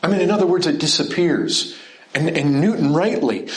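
A man's voice: sits high, lively intonation, normal speed, roomy sound. A middle-aged man preaching a sermon in a conversational way, full of rhetorical questions.

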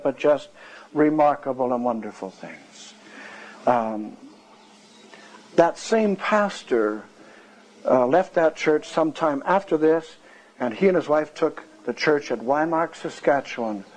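A man's voice: mid-range voice, darkish tone, rough recording. A male preacher telling a revival story in a sermon, earnest and anecdotal, acting out the dialogue.

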